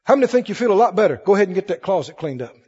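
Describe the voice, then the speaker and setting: A man's voice: high-pitched, sing-song, very fast, a little mellow, slightly rough. A man preaching a sermon to a congregation, emphatic and calling for responses. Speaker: pastor. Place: church hall with congregation. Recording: lo-fi recording in a reverberant hall.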